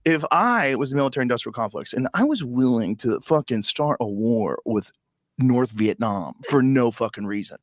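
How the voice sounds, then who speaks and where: A man's voice: mid-range voice, lively intonation, normal speed, no room sound, clean studio sound. A man talking on a podcast as a comedian guest, heated and profane, building his argument into incredulous outbursts. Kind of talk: podcast conversation.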